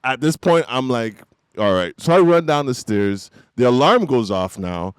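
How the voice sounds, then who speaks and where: A middle-aged man telling a story in casual podcast chat, animated and acting out the people in it. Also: mid-range voice, moderate pace, clean tone, no room sound, studio quality. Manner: animated storyteller, laughs and acts out voices. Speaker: podcast host.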